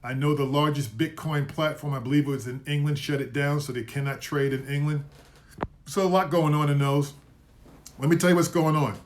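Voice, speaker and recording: A man with a slightly high-pitched voice hosts a live market stream. He talks casually and loosely, stumbling and correcting himself as he reads off support and resistance levels. He repeats his trade calls several times. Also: fairly even intonation, brisk. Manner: casual, self-correcting, trips over words. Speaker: market commentary host.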